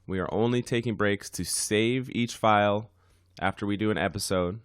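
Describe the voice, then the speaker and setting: A man hosting a podcast with a hoarse, worn-out voice, chatting casually with many fillers. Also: fairly low pitch, moderate pace, no room sound, clean studio sound. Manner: rambling, frequent fillers. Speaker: podcast host.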